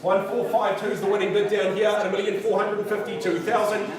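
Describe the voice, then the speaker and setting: A man's voice: sits high, little pitch movement, fairly quick, a crowd in the background. A man calling a live auction indoors, rattling off bids and teasing the bidders with playful asides. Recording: very echoey room, voice from a distance.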